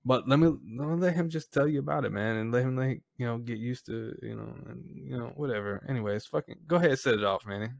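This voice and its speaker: A man hosting a podcast, telling a story in casual chat with lots of cursing and animated delivery. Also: mid-range voice, fast talker, vocal fry, hardly any pauses. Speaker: podcast host.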